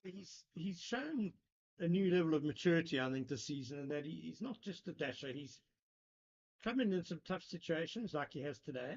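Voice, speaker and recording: A man giving live cricket commentary, measured and analytical, chatting with his co-commentator. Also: fairly high pitch, animated, a little mellow. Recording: lo-fi broadcast sound.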